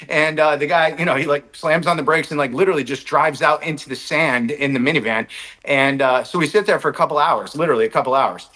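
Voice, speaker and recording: A man from the United States, a podcast guest, telling a travel story quickly, peppered with "like" and "right?" asides. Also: fairly high pitch, bright, forceful tone, low-quality recording. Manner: rapid anecdote-telling with lots of "like" and "right?" asides. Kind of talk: animated storytelling in conversation.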